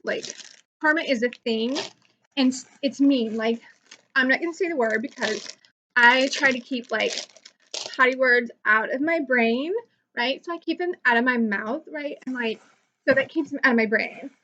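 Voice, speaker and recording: A woman's voice: high voice, moderate pace, sharp tone, muffled recording, slight background noise. A young woman playing a ditzy, self-absorbed valley-girl YouTuber in a comic monologue, rambling and saying "like" constantly. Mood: chatty, indignant. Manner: says "like" constantly, gossipy rambling. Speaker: comedy channel host.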